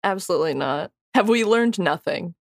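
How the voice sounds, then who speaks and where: A woman's voice: fairly low pitch, lively intonation, moderate pace, creaky, no room sound, clean studio sound. A woman co-hosting a podcast in casual chat, reacting with emphatic, playful remarks. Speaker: podcast co-host.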